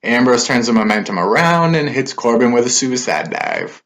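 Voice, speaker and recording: A man's voice: mid-range voice, sing-song, normal speed, fairly bright tone. A man giving a casual spoken recap of a wrestling show, loose and conversational with filler words and asides.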